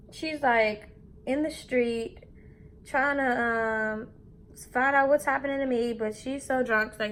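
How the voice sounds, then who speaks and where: A young woman in her twenties telling a candid, animated story about her own mistake while getting ready, swearing casually. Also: fairly high pitch, slight background noise. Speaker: beauty vlogger.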